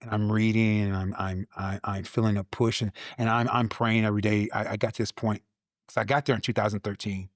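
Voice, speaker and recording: A man's voice: on the low side, fairly quick, no echo. Man telling a story, dry voice. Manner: animated storyteller who repeats words and plays out his own past lines. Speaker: guest, Army veteran. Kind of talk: testimony in a casual conversation.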